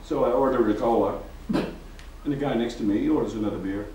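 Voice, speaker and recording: A man telling a joke as a lively story, raising his voice for quoted lines. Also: medium pitch, fast, distant mic, slight background noise. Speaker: joke teller. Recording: roomy, from off mic, faint ambience.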